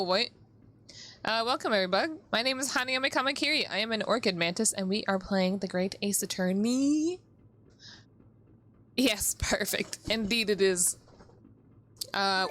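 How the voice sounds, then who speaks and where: A VTuber streamer plays a video game, chatting casually with viewers, giggling, and reading the game's lines aloud in playful voices. Her voice is mid-range with a fairly bright tone.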